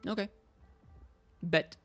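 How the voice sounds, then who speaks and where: A woman streamer giving casual, playful commentary while she plays a game, reacting with quick exclamations. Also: soft background music.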